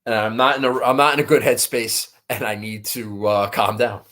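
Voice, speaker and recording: A man's voice: lowish voice, normal speed, a bit bright. A man hosting a golf betting show, talking in a rambling, profane, frustrated way. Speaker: golf betting podcast host. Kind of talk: casual chat.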